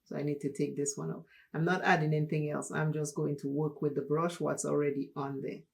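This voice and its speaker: A woman from Dominica, hosting a makeup tutorial and telling a personal story in an unhurried, chatty way. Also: deep voice, flat delivery, gravelly. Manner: unhurried, chatty, laughs while telling stories. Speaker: makeup channel host.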